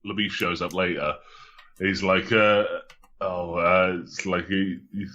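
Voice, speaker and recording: A man's voice: low voice, fairly even intonation, slow, pushed and bright, highs cut off. A man co-hosting a casual film podcast, laid-back, mostly agreeing and loosely paraphrasing scenes. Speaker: podcast co-host. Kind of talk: casual film-recap chat.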